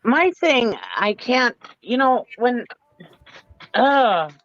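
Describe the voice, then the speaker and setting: A woman's voice: a little high, expressive, drawn-out words, a bit bright, dry recording. Middle-aged woman, impassioned panel guest, dry and lo-fi. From Minnesota. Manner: impassioned, ranting. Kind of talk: livestream panel chat.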